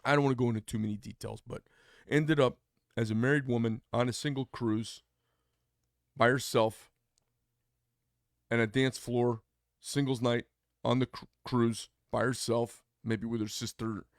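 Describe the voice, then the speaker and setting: Gravelly man, mid pitch, blunt podcast storyteller, dry close mic. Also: steady tone, normal speed, long pauses, dry recording. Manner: blunt, opinionated, acts out quoted dialogue. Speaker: podcast co-host. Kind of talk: casual storytelling chat.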